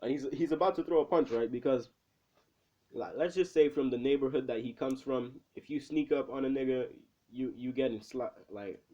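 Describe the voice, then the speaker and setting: A man's voice: mid-range voice, normal speed, warm tone, muffled recording. A young man casually retelling a fan what-if story in a rambling, profane way, with lots of fillers. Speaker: channel host.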